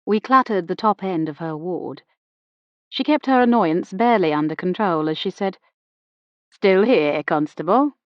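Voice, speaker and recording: A woman reads a first-person mystery in a measured, reflective manner. Her voice is on the low side and the sound is dry. The recording has a slightly dull, lo-fi tone. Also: expressive, dry recording. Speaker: audiobook narrator. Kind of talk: first-person scripted narration.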